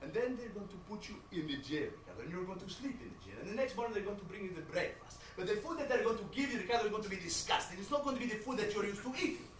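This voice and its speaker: A man's voice: sits high, sing-song, rapid-fire, hardly any pauses, fairly bright tone. A man performing a comic phone skit in an anxious, exasperated way. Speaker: comedy sketch performer. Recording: echoey room, distant mic, noisy.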